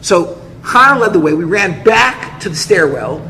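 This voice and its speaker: A rabbi tells a dramatic personal story in a lively, high, bright voice, acting out the dialogue. He drops in quick asides as he goes. The talk carries a long hall reverb over faint noise. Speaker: rabbi, speaker.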